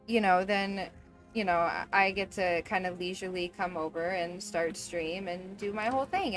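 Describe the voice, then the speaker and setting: A woman's voice: medium pitch, a bit bright, rough recording. A woman in her thirties streaming a game from home, chatting in a rambling, easygoing way full of fillers. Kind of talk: casual chat while gaming.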